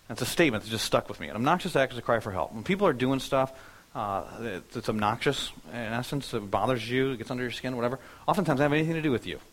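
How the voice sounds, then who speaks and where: A male pastor delivers a sermon at a quick clip, and his voice sits at an ordinary middle pitch. He preaches in a conversational, storytelling way and acts out the things he said and thought back then. The voice is recorded in a church sanctuary. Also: a bit bright, low-quality recording. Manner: conversational storytelling preaching, acting out his own past words.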